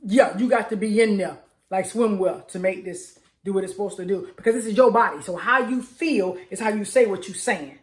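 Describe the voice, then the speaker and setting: A middle-aged woman, a mindset strategist, giving an emphatic, hyper motivational talk and repeating affirmations with rising excitement. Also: medium pitch, fairly quick. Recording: echoey room.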